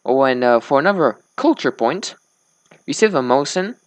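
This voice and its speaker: A man's voice: mid-range voice, animated, normal speed. Sleepy, rambling man. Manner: rambling small talk, slurred words. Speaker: gaming let's-play host. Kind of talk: casual gameplay commentary.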